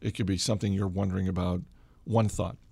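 Middle-aged male podcast host, animated and self-deprecating, low and gravelly. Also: quick pace, dry recording. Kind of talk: casual chat with host-read ad.

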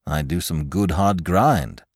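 A man's voice: deep voice, slow, no room sound, voice pushed down, full character voice. A man doing a dry, plodding police detective. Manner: dry, matter-of-fact, grumbling.

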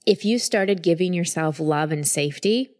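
A woman hosting a podcast, calmly explaining and guiding a guest through a coaching conversation. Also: on the low side, moderate pace. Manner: calm, explanatory, reassuring.

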